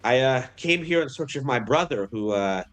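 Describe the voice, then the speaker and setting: A man's voice: medium pitch, animated, moderate pace, fairly bright tone, faint music behind, voice pushed up, close to an everyday voice. A man voicing a grateful German inventor and family father, in a German accent. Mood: earnest. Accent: German, put on. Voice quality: formal, effusive, earnest.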